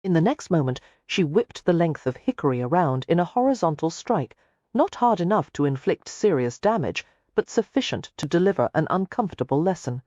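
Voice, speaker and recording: Expressive woman narrating an audiobook. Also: fairly low pitch, fairly quick, no echo, muffled recording. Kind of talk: scripted narration.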